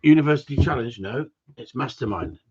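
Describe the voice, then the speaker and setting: A man's voice: medium pitch, expressive, fairly quick, a little mellow, slightly rough. A man hosting a live Q&A, bantering and teasing his viewers in a rambling, joking way. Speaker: host of a live gundog Q&A stream. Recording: dull lo-fi livestream audio.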